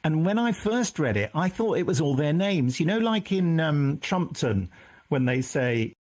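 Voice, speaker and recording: A middle-aged man recalls his work as a voice actor. His delivery is animated and swoops around in pitch, and his voice has a slightly husky, higher-than-usual tone. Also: unhurried. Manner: animated, acts out voices when quoting people. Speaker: voice actor guest. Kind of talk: anecdotal interview storytelling.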